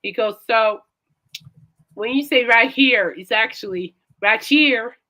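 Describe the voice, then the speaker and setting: A woman's voice: a little high, takes it slowly, pushed and bright. A woman hosting a casual chat show, rambling and laughing often. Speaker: host.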